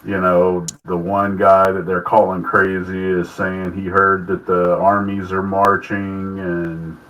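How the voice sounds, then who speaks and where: A man's voice: low voice, level tone, takes it slowly, distant mic, muffled recording. A man playing a tabletop game, laid-back and casual, swearing now and then. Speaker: player.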